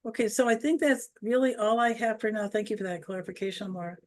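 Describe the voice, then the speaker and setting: A woman's voice: mid-range voice, fairly even intonation, fast talker. A woman in her seventies from Wisconsin with an Upper Midwest accent, hosting an online webinar in a chatty, rambling way over a video call. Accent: Upper Midwest American. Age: 70s. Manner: chatty, rambling, self-deprecating. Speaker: webinar host. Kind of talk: casual online webinar chat.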